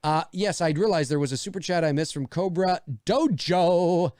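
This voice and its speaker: A male podcast co-host rambles through a casual chat, swearing freely. His high voice has a darkish, clear, resonant tone at normal speed, captured as clean studio sound with no room sound.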